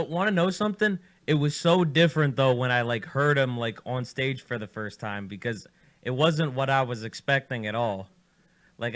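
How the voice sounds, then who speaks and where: A man hosting a casual radio studio show, animated and teasing, swearing freely as he jokes with his guests. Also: mid-range voice.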